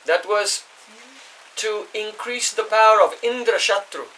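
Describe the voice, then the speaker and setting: A man with a high voice teaches a scripture class in an explaining way, now and then asking his listeners whether they follow. He stands well back from the microphone, so he sounds distant. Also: unhurried, pushed and bright, slight background noise. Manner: chants Sanskrit verses. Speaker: spiritual teacher. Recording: voice distant from the mic.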